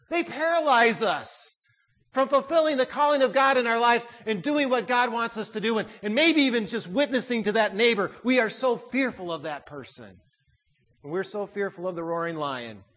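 A man preaching a sermon, swinging from loud emphatic peaks to hushed, quiet phrase endings. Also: very high-pitched.

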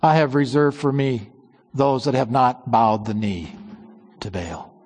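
A man acting out God, a firm and reassuring divine voice that speaks in measured phrases and sinks low at their ends. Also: a little mellow, slightly rough. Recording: long church reverb.

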